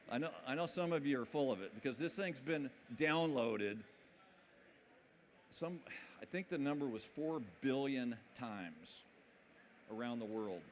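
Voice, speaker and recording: A man with a middle-pitched voice gives an energetic motivational talk at a conference, joking and checking in with the crowd. A faint hiss sits under his voice. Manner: energetic, jokey, keeps asking the audience questions. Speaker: conference speaker. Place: conference hall with live audience.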